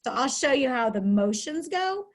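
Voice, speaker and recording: A woman's voice: high-pitched, lively intonation, normal speed. A middle-aged woman, a school counselor, giving an upbeat, chatty webinar lesson from home over a video call, with many fillers. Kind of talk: webinar teaching talk.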